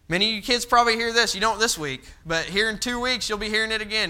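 A man's voice: high-pitched, fast, few pauses, pushed and bright, clear, resonant tone. A young man preaching a folksy sermon, telling stories and acting out his father's stern voice. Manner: folksy, storytelling, acts out his dad's stern voice.

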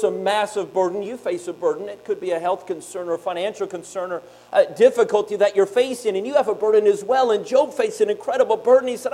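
Guy preaching, reads old bible verses then talks it out, higher voice, hum behind him. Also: darkish tone, low-quality recording. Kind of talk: sermon reading scripture.

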